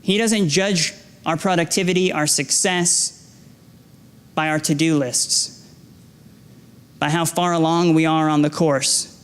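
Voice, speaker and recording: Unhurried, with long pauses and a clear, resonant, steady tone on the high side, a young adult guest speaker preaches in a church sanctuary. He's earnest and exhorting, repeating phrases, sharing self-deprecating stories, and stammering through restarts for emphasis.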